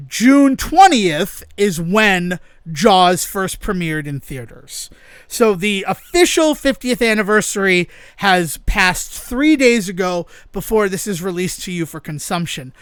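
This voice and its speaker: A man with a notably high, clean and resonant voice, recorded close and dry with no room sound. He co-hosts a podcast in loose, casual chat, rambling with enthusiasm and breaking into laughter often. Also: a bit bright, clear, resonant tone, dry recording. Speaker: podcast co-host.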